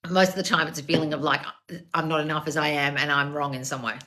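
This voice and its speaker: A woman's voice: low voice, level tone, fast, bright, forceful tone. A woman coach on a livestream, reading viewer comments and answering bluntly, with lots of swearing and calling people darling. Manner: blunt and profane, calls listeners darling. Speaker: self-help coach.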